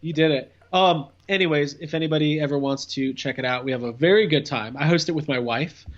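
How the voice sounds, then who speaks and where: A man's voice: on the high side, fairly quick, lo-fi sound. A man chatting as a podcast guest, rambling and playful with lots of fillers. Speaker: podcast guest, cousin of host. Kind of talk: casual comedic chat.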